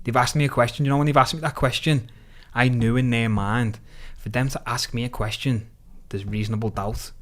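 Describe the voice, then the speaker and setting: A young man from Liverpool with a Liverpool accent, a podcast guest telling stories in animated, sweary, slang-heavy casual chat. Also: medium pitch, brisk, hardly any pauses.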